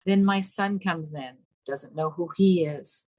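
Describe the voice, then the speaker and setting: A woman's voice: a little slow, dry recording, poor audio. A middle-aged woman telling a personal story in a podcast interview, acting out the dialogue with sudden jumps in her voice. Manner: animated, acts out quoted dialogue with pitch leaps. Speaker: podcast guest. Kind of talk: emotional storytelling in conversation.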